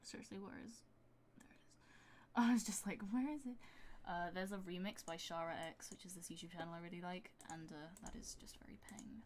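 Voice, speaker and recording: A young woman chatting casually on a livestream while producing music, thinking out loud and drifting into soft asides. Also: lowish voice, steady tone, brisk, a little hiss or hum.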